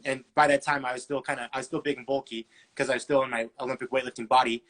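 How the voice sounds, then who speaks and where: A man's voice: mid-range voice, little pitch movement, very fast, fairly bright tone. A man in his twenties, a podcast guest, telling his story casually with lots of fillers and acted-out dialogue. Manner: chatty, many fillers, acts out dialogue.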